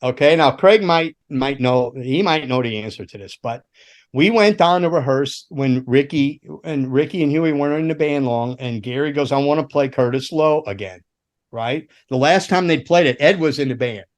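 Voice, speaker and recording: A middle-aged man, a former roadie and guitar tech, telling long rambling stories in casual chat, swearing often and laughing along, jumping into sudden high voices to act out the people in them. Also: normal speed. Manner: rambling, profane, laughs through his stories.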